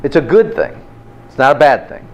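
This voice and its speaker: A man's voice: medium pitch, fairly quick, low-quality recording. A man hosting a motivational health talk, telling stories and firing rhetorical questions at his listeners. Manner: lively storyteller with rhetorical questions.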